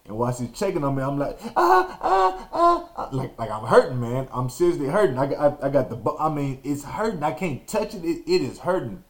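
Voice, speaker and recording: Male podcast host, casual storyteller, animated delivery with acted-out quotes. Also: medium pitch, fast, hardly any pauses. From Texas. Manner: animated, acts out quotes and sound effects.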